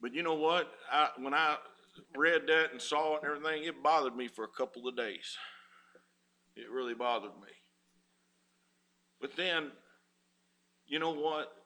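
Bright-voiced preacher, fired up. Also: male voice, a little high, normal speed, long pauses. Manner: preaching with rising fervor, folksy grammar. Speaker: pastor. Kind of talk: sermon.

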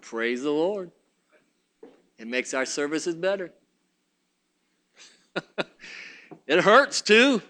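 A man's voice: fairly high pitch, sing-song, drawn-out words, pauses often, bright, forceful tone, a little hiss or hum. A man preaching a sermon, fervent and repetitive, talking straight to his congregation.

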